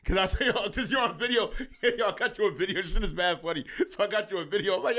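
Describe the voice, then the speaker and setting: A man hosting a podcast, telling a story in an animated, slangy way with frequent laughter. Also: high voice, fast, few pauses. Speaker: podcast host. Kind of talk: casual chat.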